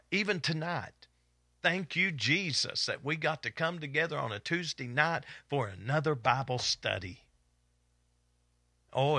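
Medium in pitch, a middle-aged East Kentucky preacher with an Appalachian accent hollers excitedly while leading a fervent Bible study. The studio-quality recording carries no room sound.

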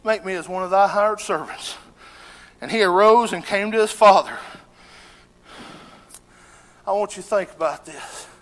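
A man preaching with a very high voice that climbs into fervent shouting, his words dropping in folksy rural grammar. The sound rings out with a long church-hall reverb. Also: measured pace, long pauses. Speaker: pastor. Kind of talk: sermon.

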